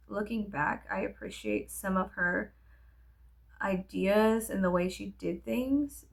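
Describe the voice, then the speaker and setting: A woman with a gravelly, fry-laden voice talks through memories while getting ready. She rambles and restarts often and fills gaps with "um" and "like." Her voice sits at an ordinary pitch for a woman. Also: fairly bright tone. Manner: rambling, halting, lots of fillers. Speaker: vlogger. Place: at home with animals nearby.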